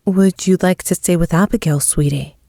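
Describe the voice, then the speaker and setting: A caring motherly woman who speaks in gentle, coaxing tones, as a woman reader puts her on. The voice sits low and the sound is dry and close to the mic, like a storybook reading. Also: normal speed, gravelly, no echo. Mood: soothing.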